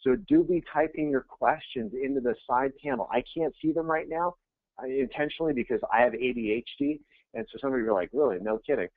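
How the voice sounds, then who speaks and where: A man, a real estate coach, giving an energetic, conversational webinar presentation and repeating phrases for emphasis. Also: medium pitch, brisk, no echo. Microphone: webinar audio feed. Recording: tinny phone-like line, dry.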